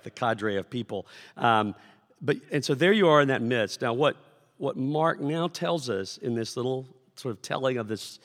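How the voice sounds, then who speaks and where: A man preaching a sermon to his congregation, conversational and animated, acting out shouted lines as he tells stories. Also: mid-range voice. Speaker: pastor. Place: church sanctuary. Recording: long hall reverb.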